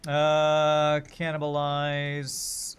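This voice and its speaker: A man's voice: fairly high pitch, monotone, extremely slow, smooth. Chatty male game streamer. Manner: chatty, jokey, talks to chat while playing. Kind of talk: casual gameplay commentary.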